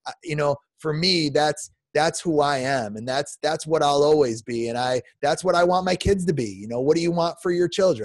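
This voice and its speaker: A man's voice: fairly high pitch, moderate pace, few pauses, no echo. A man in his forties, a podcast guest delivering an emotional, heartfelt rant full of restarts. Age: 40s. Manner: emotional, repetitive restarts, says "man" often.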